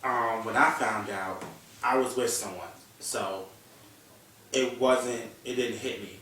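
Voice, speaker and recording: A man, a talk-show guest, talking about his own past in a hesitant, halting way. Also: mid-range voice, bright, forceful tone. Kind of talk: casual chat. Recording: echoey room, distant mic, faint noise.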